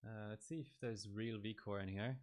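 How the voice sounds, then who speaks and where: Low-ish guy chatting on his stream, thinks out loud, lots of ums. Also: steady tone. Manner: thinking aloud, halting with fillers. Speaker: overclocking livestream host. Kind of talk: casual livestream commentary.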